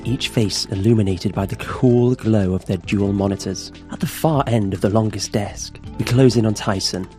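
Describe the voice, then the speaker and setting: A man's voice: fairly low pitch, moderate pace, few pauses, a little mellow, faint music behind. Man reading screenplay-style narration. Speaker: player. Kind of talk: reading scripted scene narration.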